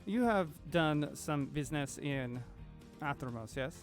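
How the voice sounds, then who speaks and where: A man voicing a haughty, scheming dark elf man in a tabletop game, with a throaty put-on French accent and a formal, halting manner. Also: a little high, lively intonation, faint music behind. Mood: sly.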